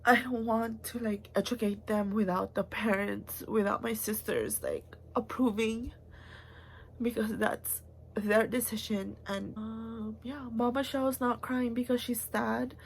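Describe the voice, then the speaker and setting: A woman's voice: on the high side, unhurried, creaky, slight background noise. A young woman, talking in a rambling, heartfelt personal vlog with many fillers and restarts, at times close to tears. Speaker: vlogger.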